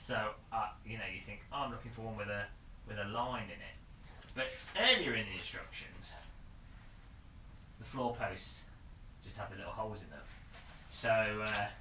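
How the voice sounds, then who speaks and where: A man's voice: medium pitch, bright, forceful tone, roomy sound, a little hiss or hum. A man streaming live, chatting casually in a bemused, rambling way and laughing often.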